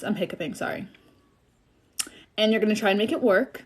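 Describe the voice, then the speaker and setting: A woman's voice: mid-range voice, brisk, pauses often, breathy edge. A young woman giving a casual tarot reading on a livestream, blunt and chatty, apologizing for the bad news she delivers. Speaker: tarot reader.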